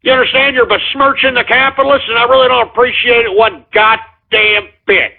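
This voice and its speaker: A man's voice: extremely high pitch, steady tone, a little fast, creaky. A man hosting a call-in radio show, ranting irritably and swearing at his callers. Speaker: radio host taking voicemail calls. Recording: tinny phone-like radio audio.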